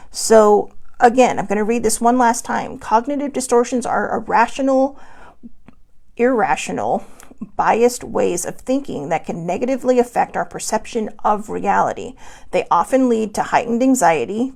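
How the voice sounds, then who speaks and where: A woman's voice: medium pitch, normal speed, creaky, a little mellow. A middle-aged woman hosting a casual self-help vlog from her desk at home, talking candidly and rambling with many fillers. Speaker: host.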